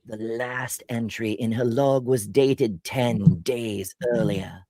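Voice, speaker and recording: A woman's voice: very deep voice, slow, dark tone, dry recording, studio quality. A woman hosting a casual live stream, telling a story in a rambling way, often breaking off mid-sentence and laughing.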